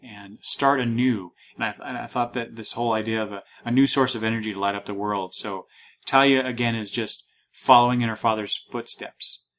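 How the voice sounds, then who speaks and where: A man's voice: mid-range voice, steady tone, brisk, fairly bright tone. A man in a mid-range voice hosts a comic book podcast. He meanders, restarts his sentences and reads the panels aloud. It sounds like casual, unscripted chat. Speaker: podcast host.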